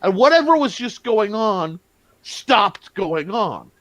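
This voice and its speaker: High, lively male game master. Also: no room sound. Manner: animated, laughing, jumps between narration and quick voices. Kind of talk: narrating a tabletop game.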